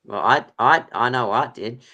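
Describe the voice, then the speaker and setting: A man's voice: mid-range voice, normal speed, gravelly, bright, forceful tone. A man hosting a casual sports podcast quiz, rambling with lots of ums and laughs. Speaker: podcast host running a quiz. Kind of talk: casual chat.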